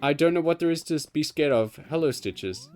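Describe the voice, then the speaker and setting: A man's voice: on the high side, animated, brisk, darkish tone, faint music behind. A man streaming a video game from home, chatting casually and fondly talking to his cat between rambling, self-mocking asides. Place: home room.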